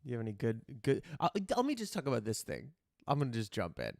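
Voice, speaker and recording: A man's voice: medium pitch, huge pitch swings, quick pace, vocal fry, a little mellow, no room sound, studio quality. A man hosting a podcast, chatting in a rambling, candid way and swearing casually. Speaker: podcast host. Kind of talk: casual chat.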